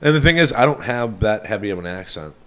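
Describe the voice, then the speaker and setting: A man with a Massachusetts accent, joking around with friends on a podcast in gruff, defensive banter. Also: on the low side, expressive, quick pace, fairly bright tone. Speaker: podcast co-host. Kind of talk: casual chat.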